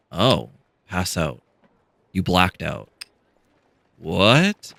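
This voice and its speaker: Male gamer, deep voice, slow and casual, thinking aloud while reading the game text. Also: animated, fairly bright tone, no room sound, studio quality.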